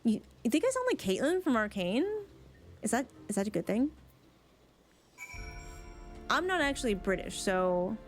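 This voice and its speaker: A woman streamer reacting to a game between dialogue lines, chatty and excitable. Her voice sits somewhat high. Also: moderate pace, long pauses, faint music behind. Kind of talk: reading a game aloud and reacting.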